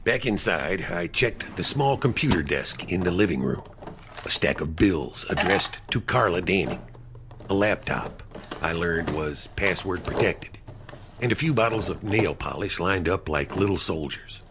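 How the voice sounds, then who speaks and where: A man with a very low voice tells a detective story in the first person. His delivery is dry and measured. A clear music bed runs beneath the narration. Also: animated.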